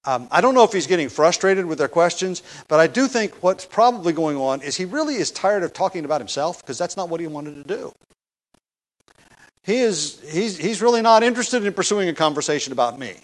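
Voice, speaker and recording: A man's voice: fairly high pitch, lively intonation, fairly quick. Conversational teacher, man. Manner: conversational, restarts and rhetorical questions. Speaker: Bible teacher. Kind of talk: expository sermon.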